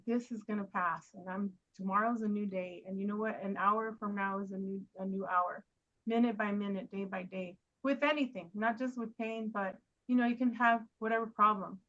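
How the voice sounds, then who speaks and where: A woman's voice: medium pitch, a bit bright, muffled recording. A woman hosting a casual chat who rambles and talks straight to her guests. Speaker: host.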